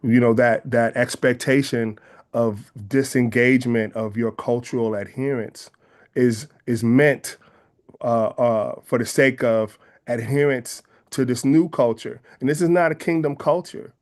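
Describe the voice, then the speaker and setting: A man from the San Francisco Bay Area with a Bay Area accent, speaking as an interview guest in an earnest, measured way and often rephrasing his ideas. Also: mid-range voice, fairly even intonation. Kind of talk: reflective interview conversation.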